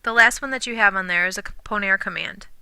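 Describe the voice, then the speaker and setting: A woman teaching a recorded language lesson, patiently explaining grammar and slowly sounding out example words. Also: medium pitch, pushed and bright, no echo. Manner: clear, patient explaining with slow modeled pronunciations; drops to a whisper when counting syllables. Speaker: Spanish teacher.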